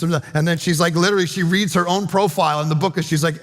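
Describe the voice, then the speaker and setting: A male pastor delivers a sermon in a high, gravelly voice. He tells stories with lively energy and acts out other people's lines. Long reverb from a large hall trails each phrase. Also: quick pace, few pauses. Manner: storytelling, animated, acts out quotes.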